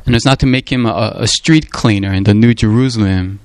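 A man's voice: lowish voice, a little fast, dry recording. A man preaching a sermon in an earnest, emphatic way, often repeating himself and leaning on "you know" as he explains. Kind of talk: sermon on a Gospel passage.

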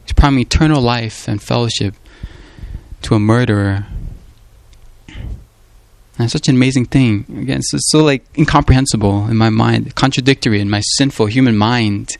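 A man preaches a sermon on a Gospel passage in a medium-pitched, creaky voice at a moderate pace. He's earnest and emphatic, often repeats himself, and leans on "you know" as he explains. The recording is dry.

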